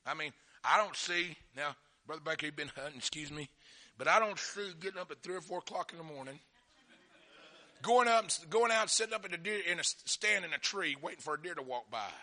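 High gravelly preacher man. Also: fairly quick. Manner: folksy storytelling, swings from quiet asides to shouted fervor. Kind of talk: sermon.

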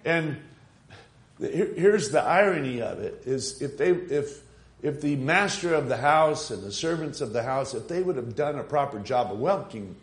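A man preaching a sermon, retelling a Bible story in a conversational way with frequent fillers and rhetorical questions to the congregation. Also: medium pitch. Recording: echoey room.

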